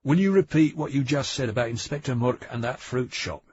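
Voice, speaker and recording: Guy reading as a careful detective laying it all out, husky voice, dull dry sound. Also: medium pitch, animated, darkish tone, no echo, voice pushed up. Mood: questioning. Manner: deliberate, emphatic, reasoning. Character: patient, methodical male police detective. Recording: dry, dull audiobook recording.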